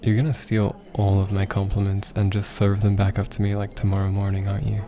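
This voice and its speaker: A young man in a whispered role-play as a teasing, affectionate boyfriend teaching Japanese, talking softly with frequent laughs. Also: on the low side, monotone, a little fast, natural voice. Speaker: ASMR roleplay creator. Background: background music.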